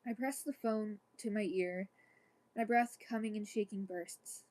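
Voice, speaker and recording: Woman storyteller, mellow and relaxed, reading a chapter aloud. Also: mid-range voice, a little slow, poor audio. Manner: reads evenly, breaks off into casual asides.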